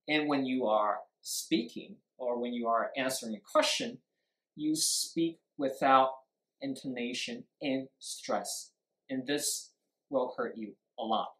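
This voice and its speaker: This English speaking teacher, streaming a live lesson, gives emphatic demonstrations of stress and intonation through examples, with short switches into Mandarin to explain. A medium-pitched, slightly bright voice carries through a roomy echo.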